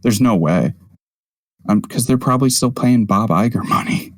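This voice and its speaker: A man co-hosting a podcast, chatting casually with quick, opinionated, joking asides. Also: mid-range voice, dry recording. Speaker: podcast co-host. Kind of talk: casual chat.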